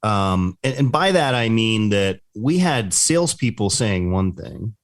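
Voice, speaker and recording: Male business show co-host, low voice, dry close sound, fluent explainer. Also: lively intonation, unhurried, dry recording. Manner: fluent, explanatory, frequent "right?" tags. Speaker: podcast co-host. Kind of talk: conversational business talk.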